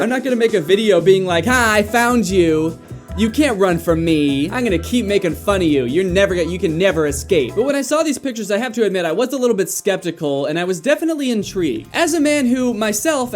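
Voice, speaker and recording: A man's voice: sits high, a little mellow. A man giving casual commentary, full of sarcastic, dry joking asides. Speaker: commentary YouTuber.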